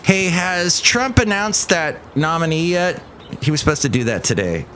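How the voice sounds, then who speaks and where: A middle-aged man with a voice on the high side hosts a podcast, animated and a bit bright at a moderate pace. His casual talk is chatty, rambling, and heavy with fillers, over a little hiss or hum.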